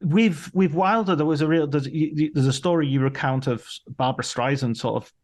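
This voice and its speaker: A man hosting an interview, phrasing his questions haltingly and searching for his words with many fillers. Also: a little high, darkish tone. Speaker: podcast host. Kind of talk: conversational interview.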